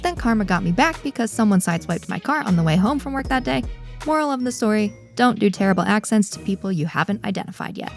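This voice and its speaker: A woman's voice: mid-range voice, expressive, fast talker, gravelly, soft background music. A woman hosting a podcast, telling a story in a playful, self-deprecating way. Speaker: podcast host.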